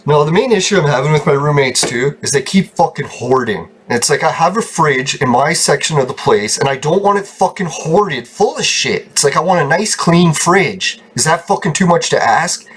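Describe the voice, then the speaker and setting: A man's voice: a little high, fairly bright tone, a little hiss or hum. Angry swearing male streamer ranting. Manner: angry, heavy swearing, rambling. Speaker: game streamer. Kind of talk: ranting casual stream talk. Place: room at home.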